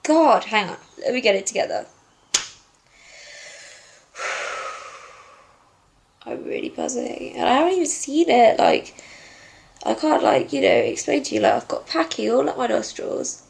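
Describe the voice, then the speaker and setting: A woman's voice: fairly high pitch, big pitch swings, brisk, gravelly, darkish tone. A young British woman chatting candidly into her own camera in a self-filmed video diary, with frequent fillers. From Britain. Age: young adult. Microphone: handheld camera.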